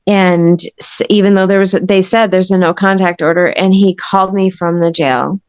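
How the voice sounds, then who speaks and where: A woman's voice: lowish voice, steady tone, moderate pace, clean tone, no room sound. A woman guest telling her story in an interview, earnest and emphatic in a conversational way. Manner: earnest, emphatic, intense retelling. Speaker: podcast guest.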